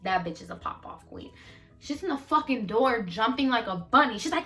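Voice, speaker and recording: A woman's voice: fairly high pitch, moderate pace, far from the mic, over loud music. A teenage girl casually telling a profane storytime, acting out what people said. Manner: animated, profane, acts out quotes loudly. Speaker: storyteller vlogger.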